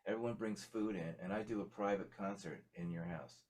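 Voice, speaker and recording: A man's voice: lowish voice, brisk, heavy background noise. A man talking as a guest musician in a casual interview, rambling with many fillers and restarts.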